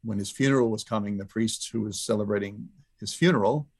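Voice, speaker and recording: Man, middle-aged, podcast guest, earnest, reflective, halting storytelling. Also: on the low side, slightly rough. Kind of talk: personal storytelling in conversation.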